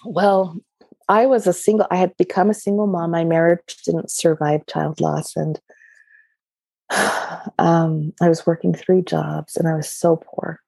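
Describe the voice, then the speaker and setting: A woman telling personal stories in conversation, animated and laughing often. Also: on the low side, a little slow, gravelly, husky, no room sound. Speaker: guest. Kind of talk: conversational storytelling.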